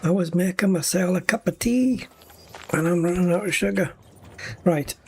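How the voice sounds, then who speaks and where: A man's voice: high voice, moderate pace, gravelly, darkish tone, a little hiss or hum. A man streaming a space game from home, muttering dry, wry remarks to himself as he plays. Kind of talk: casual livestream commentary. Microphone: desk mic at a gaming rig.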